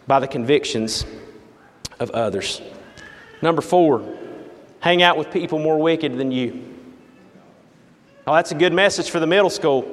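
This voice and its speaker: High-voiced preacher in echoey hall. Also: male voice. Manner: storytelling, dramatic, emphatic. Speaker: pastor. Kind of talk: sermon.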